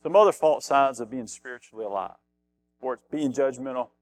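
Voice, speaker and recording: A middle-aged man gives a conversational sermon. He reads scripture aloud and repeats key phrases for emphasis. His voice sits at an ordinary pitch for a man, recorded dry with almost no room sound. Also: brisk, dry recording. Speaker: pastor.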